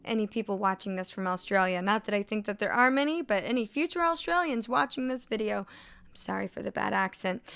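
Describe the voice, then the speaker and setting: A woman reads posts aloud and breaks in with sarcastic asides. Her voice sits slightly high and sounds smooth and clear. She laughs often as she comments. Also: a bit bright. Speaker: host reading online posts.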